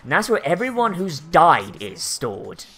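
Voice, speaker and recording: A let's-play narrator reading the lines of a calm, analytical young female detective in a low, even, measured voice. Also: heavily acted. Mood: explaining.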